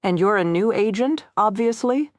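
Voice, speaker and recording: A woman's voice: medium pitch, expressive, moderate pace, dry recording, pitched above the performer's own voice, lightly acted. Woman doing an unflappable Southern male agent. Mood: amused drawl. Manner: drawling, polite and unruffled.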